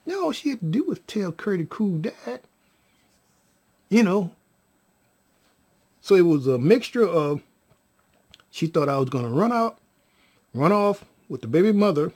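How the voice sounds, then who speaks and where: A man telling his own story to viewers in an emotional, animated way, addressing them as y'all with casual slang. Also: high-pitched, unhurried, long pauses, slightly rough. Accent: Californian.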